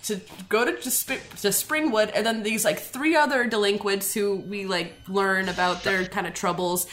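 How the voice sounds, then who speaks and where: A woman's voice: medium pitch, fairly even intonation, moderate pace, fairly bright tone, slight background noise. Giggly, rambling young woman recapping a film. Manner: giggly, rambling, swears a lot. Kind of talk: casual chat.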